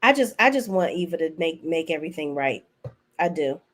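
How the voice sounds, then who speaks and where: A woman's voice: low-pitched, expressive, a little fast, fairly bright tone. A woman giving a casual, blunt and profane recap of TV episodes, chatting straight to her viewers. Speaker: TV show reviewer.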